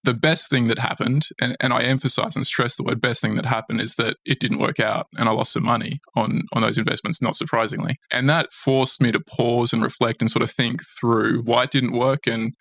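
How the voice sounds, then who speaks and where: An Australian man in his forties, a fund manager speaking in a podcast interview in a measured, reflective way that often restarts. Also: mid-range voice, little pitch movement, vocal fry, fairly bright tone, no room sound. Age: 40s.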